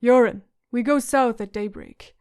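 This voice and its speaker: A woman's voice: fairly high pitch, unhurried, darkish tone, smooth, close to an everyday voice. A woman voicing a sardonic, witty dwarf lord who speaks in a dry, mocking way. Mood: wry.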